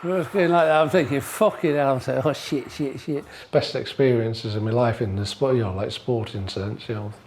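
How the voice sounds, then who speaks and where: A man's voice: mid-range voice, fairly even intonation, a little fast, few pauses, a little mellow, a little hiss or hum. A middle-aged man, a bouncer and former amateur boxer, recounting his fights bluntly and with swearing. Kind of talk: casual chat, telling stories.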